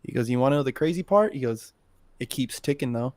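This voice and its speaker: A man's voice: mid-range voice, expressive, fast talker, darkish tone, dry recording, studio quality. A man co-hosting a podcast, telling a personal story in casual, emotional talk with plenty of swearing. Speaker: podcast co-host. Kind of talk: casual chat.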